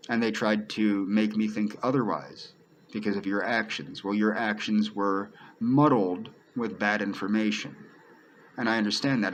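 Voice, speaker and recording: A man speaks straight to camera in an earnest, pleading personal monologue. His voice sits on the low side, and he circles back to the same points again and again. A faint hiss runs under the recording. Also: a bit bright, rough recording. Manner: earnest, pleading, repeats himself often. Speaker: video creator.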